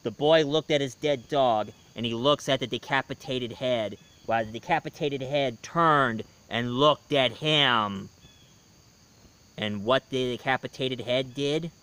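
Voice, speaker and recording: A man telling a scary story to his listeners, dramatic, swinging between loud and hushed lines. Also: mid-range voice, clear, resonant tone. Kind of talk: spooky storytelling.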